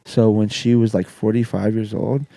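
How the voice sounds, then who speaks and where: A man's voice: fairly low pitch, moderate pace, gravelly, no echo. A man, a personal trainer guest, telling stories in casual chat, acting out quotes and laughing often. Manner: animated storytelling, acts out quotes, laughs often.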